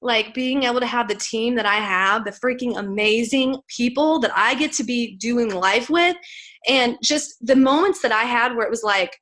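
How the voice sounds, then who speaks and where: A woman's voice: a little high, a little fast, a bit bright. A woman in her forties giving an emotional, faith-filled motivational testimony to a sales team, chatty and earnest, building into fired-up preaching. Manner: chatty, many "like"s and "you guys". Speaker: speaker at a sales team event.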